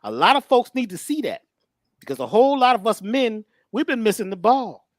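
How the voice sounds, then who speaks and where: A male guest giving an inspirational talk, with halting starts and preacherly wordplay. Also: high-pitched, big pitch swings, no echo, clean studio sound. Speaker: guest speaker.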